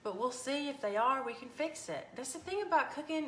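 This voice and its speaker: A woman hosting a casual live cooking stream from her home kitchen, folksy and animated as she reads viewer comments. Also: high voice, fairly quick. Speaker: cooking livestream host. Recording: echoey kitchen with faint background noise.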